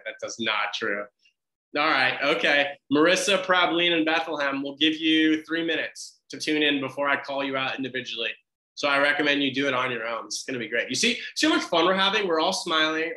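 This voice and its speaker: A bright-toned young man talks to students over a video call, and the room adds a noticeable echo. He is chatty and joking, keeps encouraging his listeners, and often backtracks mid-sentence as he thinks aloud. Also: on the high side. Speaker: medical resident speaking to students. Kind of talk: informal talk on a video call. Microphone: video call mic.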